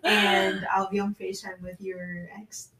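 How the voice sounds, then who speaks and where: A woman's voice: mid-range voice, level tone, a little slow, a loud crowd, rough recording. Laid-back young woman teasing in chat. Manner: laid-back, teasing, acts out imagined dialogue. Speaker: friend chatting. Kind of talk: casual chat.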